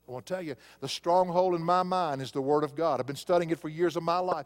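A man's voice: a little high, steady tone, fast talker, hardly any pauses, big-room sound. A male pastor preaching a sermon, telling a personal story in a conversational way and rising to emphatic preaching.

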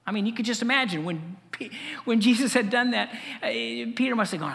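A man preaching in a church with a long, lingering reverb. His voice is gravelly, and it rises and falls in a lively, animated way. He keeps the sermon conversational and wry, full of asides. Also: sits high, brisk. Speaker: pastor.

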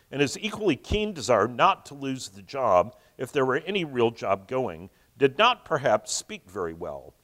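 Male host who reads a book aloud and explains it, lively, mid pitch. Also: moderate pace. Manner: explanatory, alternates reading with asides. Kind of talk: reading a novel aloud with commentary.

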